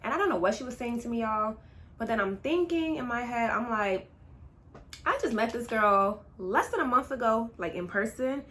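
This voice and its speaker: A young adult woman vlogger telling a casual story to her viewers, chatty and dramatic, speeding up and drawing out words as she goes. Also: fairly high pitch. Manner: animated, chatty, talks straight to viewers; dramatic retelling, swings between fast and drawn-out.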